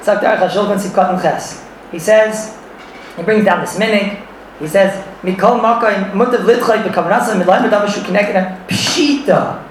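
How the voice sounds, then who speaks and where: A man giving an animated Torah class to a room full of listeners, mixing in Yiddish and Hebrew terms and often laughing as he talks. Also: sits high, normal speed, slight background noise. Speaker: Torah teacher. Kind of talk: lively halachic class. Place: room with audience. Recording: echoey room, far from the mic.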